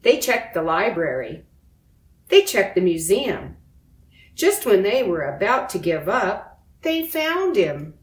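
A woman narrates a children's storybook in a clear, unhurried way, taking her time over each line. Her voice sits at a middle pitch, and the recording has a roomy echo around it. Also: big pitch swings. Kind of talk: children's storybook read-aloud.

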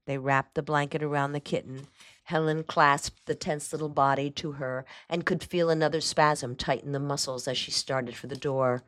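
Woman host, measured storytelling, low pitch, dry close sound. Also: steady tone, dry recording. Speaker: host and reader. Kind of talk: reading a novel aloud.

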